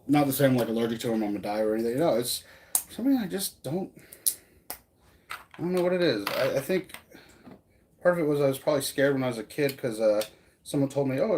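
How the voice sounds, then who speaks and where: An American man hosts a stream in a rambling, chatty voice, leaning on "um" and "like" as he goes. His voice sits at an ordinary middle pitch. A faint hiss and some clicks are audible behind him. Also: gravelly, a little mellow. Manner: rambling, filler-heavy, chatty. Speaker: streamer host. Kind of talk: casual chat.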